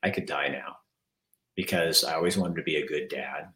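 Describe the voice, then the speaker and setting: A man's voice: extremely low pitch, moderate pace, sharp tone. A middle-aged man hosting an interview, talking in an earnest, candid and emotional way. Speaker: podcast host. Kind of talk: heartfelt interview chat. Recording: roomy echo.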